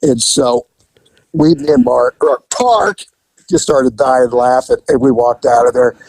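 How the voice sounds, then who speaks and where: A man, a former police officer, telling a profane anecdote in an animated, casual way. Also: mid-range voice, unhurried, creaky, poor audio. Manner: animated, profane, laughing at own story.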